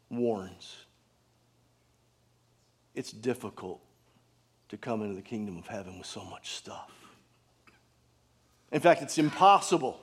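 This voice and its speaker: This pastor, with a mid-range voice, gives an earnest sermon to his congregation. He leans on rhetorical questions and lowers to a hush to stress key points.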